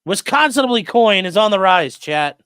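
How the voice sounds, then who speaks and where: A man's voice: high-pitched, animated, moderate pace, sharp tone, clean tone. A man who is a lawyer chats casually on a livestream, joking and reading viewer comments aloud.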